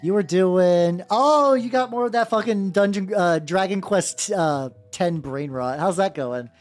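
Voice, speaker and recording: A woman's voice: lowish voice, measured pace, darkish tone, faint music behind. A woman chatting casually on a miniature painting stream, rambling with many restarts and some swearing. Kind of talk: casual livestream chat.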